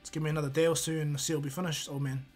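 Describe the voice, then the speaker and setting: A man's voice: fairly high pitch, flat delivery, rapid-fire, a little mellow, husky, soft background music. A man voicing a laid-back adult male ninja teacher in an easygoing, casual way. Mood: boastful.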